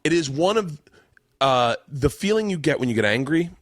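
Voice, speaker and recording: A man hosting a podcast, excitable and swearing freely, jumping in over his guest in casual chat. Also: a little high, moderate pace, no room sound, studio quality. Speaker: podcast host.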